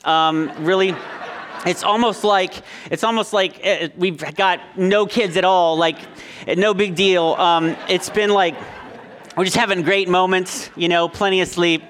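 Male youth leader, 30s, high voice; humorous sermon, self-deprecating, filler-heavy delivery. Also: fairly even intonation, a little slow, fairly bright tone, a little hiss or hum. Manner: self-deprecating joking, full of ums and likes.

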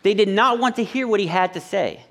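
A man's voice: high voice, brisk, fairly bright tone. A man preaching a sermon in a conversational, joking way, acting out little quotes between points. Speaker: pastor. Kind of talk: sermon with humorous asides. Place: church service.

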